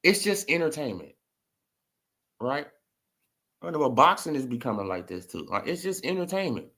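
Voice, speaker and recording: In a casual commentary video, a man rants about sports, animated, emphatic and repetitive, constantly saying "bro" and "right?". His voice is mid-range and he speaks at a normal speed.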